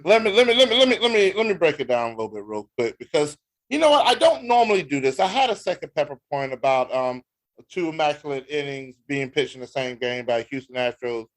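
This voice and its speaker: Lively American man, joking sports talk. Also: medium pitch, brisk. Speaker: podcast co-host. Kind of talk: casual sports chat.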